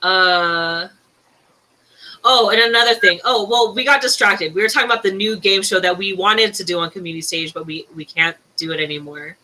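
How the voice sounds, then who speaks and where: A woman co-hosting a casual chat from her room at home over a video call, excitable and laughing often. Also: medium pitch, moderate pace, slight background noise, rough recording. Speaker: co-host.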